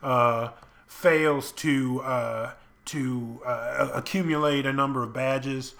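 A man's voice: medium pitch, fairly even intonation, slow, fairly bright tone. A man hosting an improvised comedy chat, speaking earnestly and hesitantly with many filler sounds. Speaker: host.

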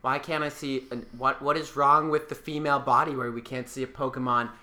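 Bright-voiced man in earnest banter. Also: medium pitch, steady tone, a little fast. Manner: earnest, indignant, stammering restarts. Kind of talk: comedic podcast banter.

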